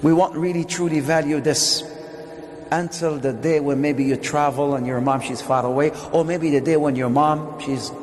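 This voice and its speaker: A man preaching to a congregation, impassioned and repetitive, often rising to shouts. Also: a little high, fairly even intonation, normal speed. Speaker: visiting sheikh and speaker. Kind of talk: sermon to a live congregation. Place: large prayer hall. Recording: echoey hall with faint room noise.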